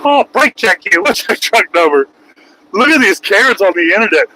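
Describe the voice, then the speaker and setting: A man's voice: sits high, very animated, moderate pace, sharp tone, slight background noise, low-quality recording. A man, a truck driver, ranting on a casual livestream from his cab while driving, crude and taunting. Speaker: truck driver streaming live.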